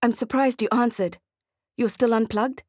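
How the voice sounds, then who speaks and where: A woman's voice: fairly high pitch, fairly even intonation, moderate pace, darkish tone, no echo, clean studio sound, voice pushed up, natural voice. A woman reading the part of a tearful, desperate woman, emotional and pleading.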